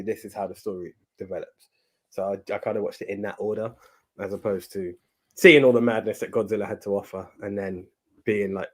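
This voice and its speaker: A man's voice: on the low side, steady tone, brisk. A man co-hosting a movie podcast in casual chat, hesitant and often repeating words. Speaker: podcast co-host.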